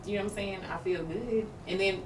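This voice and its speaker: Medium-pitched and steady, a woman talks briskly as a talk show co-host, openly discussing her struggles. She rambles and leans on fillers, and the sound is roomy, far from the mic, with background noise.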